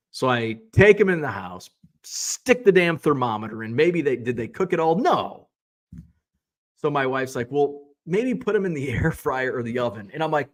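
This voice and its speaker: A man in the middle of his range, chatting casually as the host of his own show. He tells a story in a loose, wandering way, with wry asides, and he often stops and starts his sentences over. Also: medium pitch. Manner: rambling, self-interrupting, wry storytelling.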